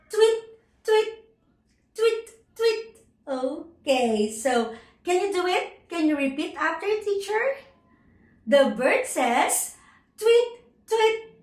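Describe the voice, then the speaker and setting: A woman teaching young children animal names and sounds, speaking slowly with exaggerated, sing-song prompts for them to repeat. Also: sits high, reverberant, recorded from a distance. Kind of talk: children's vocabulary lesson.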